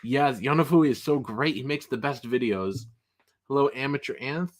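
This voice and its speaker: Joking male livestream host. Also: moderate pace. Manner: jokey, mock-outraged, rising pitch when protesting. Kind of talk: casual livestream chat reading comments.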